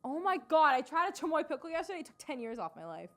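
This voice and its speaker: A young woman co-hosting a podcast in casual chat, animated and laughing often. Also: high voice, fast. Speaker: podcast co-host.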